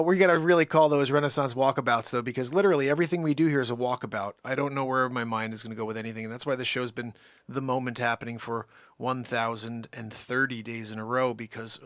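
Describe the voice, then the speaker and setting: A man's voice: mid-range voice, steady tone, fast talker, fairly bright tone, no echo. A man hosting his own comedy show, chatting casually and rambling cheerfully. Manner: rambling, upbeat, laughing. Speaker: host. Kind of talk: casual chat.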